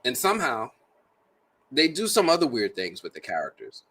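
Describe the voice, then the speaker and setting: A man's voice: medium pitch, moderate pace, husky. A man reviewing a movie in a casual, jokey, slang-filled way. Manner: animated, slangy, jokey delivery.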